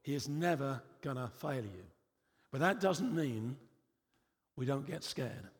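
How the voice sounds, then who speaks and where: A man's voice: medium pitch, expressive, measured pace, in a large hall. A man preaching a sermon in a church, emphatic and repetitive, with frequent rhetorical questions.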